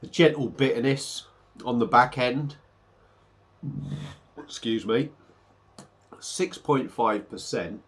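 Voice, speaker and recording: A man's voice: medium pitch, slow, pauses often, fairly bright tone. A man talking casually through a beer review, a little under the weather, rambling with hesitant fillers.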